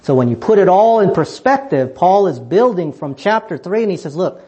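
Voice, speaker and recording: A man preaching a sermon, asking pointed rhetorical questions and swinging between fervent high emphasis and quiet, low asides. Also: very animated, moderate pace, slightly rough, muffled recording. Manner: emphatic, rhetorical questions, rising passionately then dropping low.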